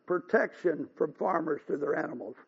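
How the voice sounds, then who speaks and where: A man's voice: fairly high pitch, animated, moderate pace, vocal fry, slightly rough. An older man preaching a revival sermon as pastor, folksy and earnest, building to fervent exhortations. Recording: dull lo-fi recording.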